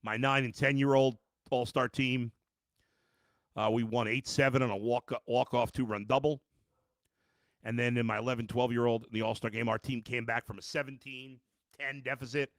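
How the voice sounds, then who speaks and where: Steady in tone at normal speed and medium pitch, with no echo, a middle-aged man runs a live postgame sports podcast. He rants emphatically, calling his viewers folks and starting over a lot.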